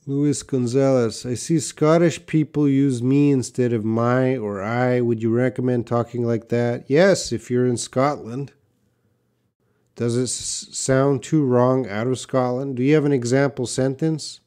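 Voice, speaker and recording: A man's voice: medium pitch, steady tone, measured pace, dark tone. A Canadian man teaching English on a live stream, reading viewers' comments aloud and answering them bluntly.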